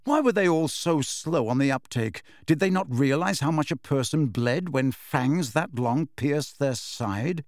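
A man narrating an audiobook in expressive storytelling fashion. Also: on the high side, measured pace, hardly any pauses, no echo, studio quality. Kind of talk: scripted narration.

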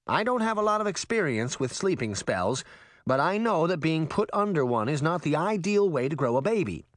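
A man's voice: fairly high pitch, sing-song, moderate pace, dry recording, voice pushed up. Man doing a practical middle-aged nurse, slightly raised, explanatory, storybook. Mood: explaining. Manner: explanatory, matter-of-fact.

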